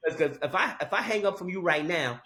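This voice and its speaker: A man's voice: sits high, expressive, fairly quick, sharp tone, a little hiss or hum. A man co-hosting a podcast in casual chat, telling a story with emphatic "okay?" asides. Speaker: podcast co-host.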